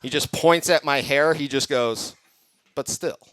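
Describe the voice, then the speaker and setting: A man performing a crude, deadpan stand-up comedy set on a comedy club stage. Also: fairly high pitch, moderate pace, clean tone, dry recording. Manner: deadpan punchlines, crude jokes.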